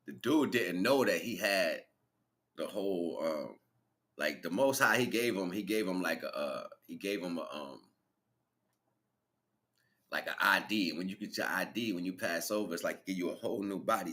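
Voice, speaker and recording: He has a deep, animated voice, a bit bright, moving at normal speed. Hosting a livestream, he rambles through an easygoing spiritual monologue laced with slang, laughing while he retells things.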